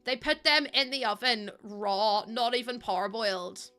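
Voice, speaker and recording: Woman streamer, young, chatty and quick to laugh, bright slightly high voice, faint music behind. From Ireland. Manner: chatty, laughs often, talks to chat. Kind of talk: casual live-stream chat.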